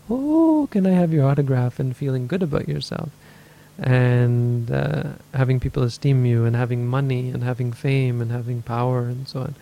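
This male meditation teacher has a gravelly, mellow, mid-range voice. He answers questions in a dharma talk, reflecting thoughtfully, revising his own words as he goes, and voicing the inner chatter of others.

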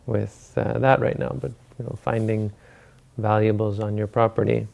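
A man's voice: on the low side, level tone, moderate pace, gravelly, darkish tone. A man voicing a puzzled peasant farmer in a retold teaching story, muttering offhand. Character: puzzled male peasant farmer, middle-aged.

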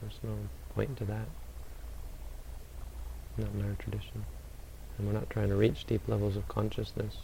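A man who is a Buddhist meditation teacher, answering audience questions in a calm, unhurried, gently advising way. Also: fairly low pitch, gravelly, a little hiss or hum, rough recording.

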